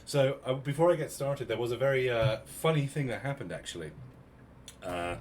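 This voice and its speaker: British male streamer in his thirties, mid-pitched, chatty storyteller, animated delivery, slight hiss underneath. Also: moderate pace. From Cornwall, England. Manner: chatty, animated retelling with quoted voices. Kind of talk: casual storytelling to chat.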